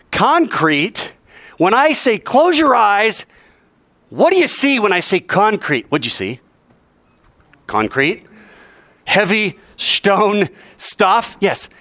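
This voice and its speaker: A male teacher giving an animated classroom lecture, quizzing the class and joking as he goes. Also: a little high, dry recording.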